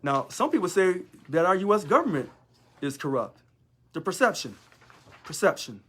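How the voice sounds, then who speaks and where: A man's voice: sits high, big pitch swings, normal speed, fairly bright tone, husky. A man, a union local leader, talking in a sarcastic monologue full of rhetorical questions. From United States. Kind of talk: casual monologue video.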